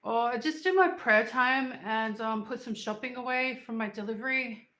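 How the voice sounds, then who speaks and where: A woman's voice: on the high side, moderate pace, bright, forceful tone, echoey room. A woman hosting a casual livestream from home, chatting loosely and cooing at and scolding her dog. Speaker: livestream host. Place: at home, indoors.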